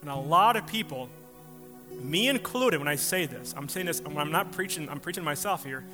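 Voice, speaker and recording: A man's voice: on the high side, expressive, normal speed, over music. A man preaching a sermon, telling a personal story with laughs and acted-out quotes. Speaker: pastor.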